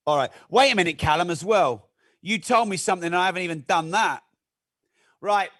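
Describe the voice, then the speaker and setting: Teaching live over a stream, the masterclass host speaks quickly in a voice pitched high for a man. He's lively and talkative, pausing to call out viewers by name and kid around with them.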